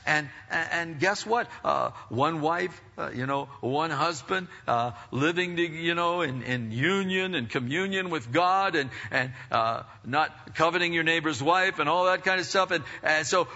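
Casting: male pastor, bright, lively sermon delivery, questions to the congregation, dull echoey church recording. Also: fairly high pitch. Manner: energetic, rising to emphatic bursts, many restarts and questions to the congregation. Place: church sanctuary.

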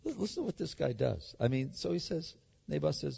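A male pastor preaches with emphatic, animated delivery, his voice sitting fairly high and ranging widely. The sound is muffled and dull. A long hall echo trails every phrase. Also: a little fast, vocal fry, breathy edge. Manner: animated, emphatic, acts out the scripture. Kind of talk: sermon.

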